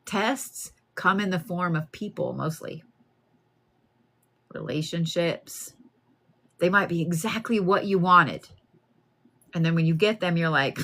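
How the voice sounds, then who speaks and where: Low-voiced chatty woman reading cards. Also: measured pace, long pauses. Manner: chatty, plain-spoken, animated asides. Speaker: card reader. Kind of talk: live card reading.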